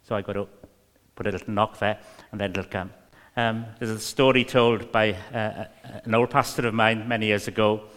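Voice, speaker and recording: A man's voice: mid-range voice, a bit bright, big-room sound. A man with a Welsh accent preaching a sermon, emphatic and repetitive with many fillers.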